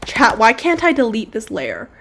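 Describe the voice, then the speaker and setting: This young woman chats while drawing on a stream, her slightly high, somewhat bright voice creaky and swinging hugely in pitch at a normal speed. She's rambly and self-deprecating, apologizing often and slipping into silly voices.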